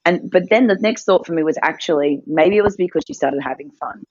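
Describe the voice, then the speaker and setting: A woman's voice: deep voice, fairly quick, darkish tone, no echo, lo-fi sound. A woman co-hosting a morning mindset session, telling a family story in a chatty, rambling way and laughing often. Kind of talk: casual chat, storytelling.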